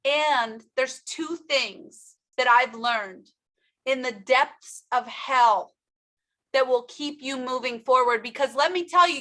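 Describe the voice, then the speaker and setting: A woman's voice: sits high, slow, bright, forceful tone. A woman speaker giving a motivational workshop talk about her own story, emphatic and speaking straight to the audience. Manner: emphatic, addresses audience directly.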